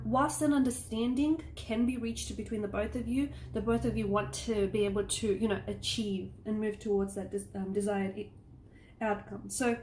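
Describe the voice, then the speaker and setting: A woman with a somewhat high, darkish voice rambles reassuringly through a casual tarot reading. She checks in with the listener often, asking "okay?" The audio has room echo and faint noise.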